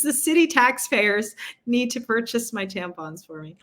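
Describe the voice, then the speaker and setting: A woman's voice: fairly high pitch, sing-song, a bit bright. A woman from New York City, a city council candidate, talking casually in an interview with frequent asides and laughs. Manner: chatty, quick asides, laughs at her own points.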